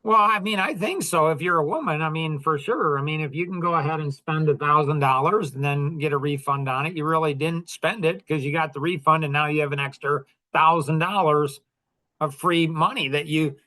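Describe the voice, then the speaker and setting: A man's voice: fairly high pitch, a little fast, pushed and bright. A man in his fifties hosting a podcast, joking and rambling, then speaking tenderly to his grown children. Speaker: podcast host. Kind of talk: casual monologue.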